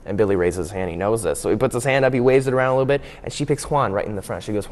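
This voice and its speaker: A young man, a guest comedian, chatting eagerly and telling a joke in a lively, laughing way. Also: medium pitch, racing, hardly any pauses, in a large hall. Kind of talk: casual interview chat and joke telling.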